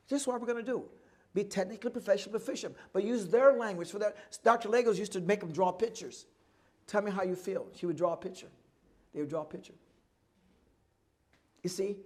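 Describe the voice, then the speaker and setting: Animated male storyteller, middle-aged, high-pitched, plays out every voice he quotes. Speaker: guest speaker. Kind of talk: live oral history talk.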